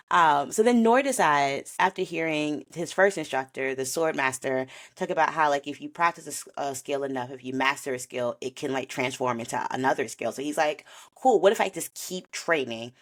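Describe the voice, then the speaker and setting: A woman's voice: sits low, lively intonation, a little fast. A woman hosting a podcast, chatting casually and animatedly about an anime, with slangy asides and frequent laughs. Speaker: podcast host.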